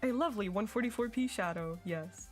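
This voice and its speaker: A woman's voice: medium pitch, fairly quick, faint music behind. A young woman streaming a game, chatting casually and giggling as she reads her chat.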